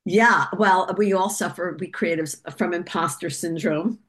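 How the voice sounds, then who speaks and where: A woman filmmaker telling a lively story on a video call, talkative and animated, acting out the voices of people she quotes. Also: lowish voice, measured pace. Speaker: documentary filmmaker, guest.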